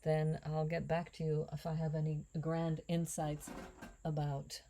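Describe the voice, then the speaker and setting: Woman host, low and unhurried, mellow tone; cooking vlog chat full of rambling asides. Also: flat delivery. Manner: rambling, musing aloud with drifting asides. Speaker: home cook and actress.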